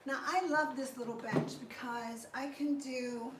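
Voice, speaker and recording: Exercising in an indoor workout space, a woman trainer keeps up encouraging chatter during a live session. She speaks a little slowly in a high, steady voice. There's an echo in the room and some faint noise.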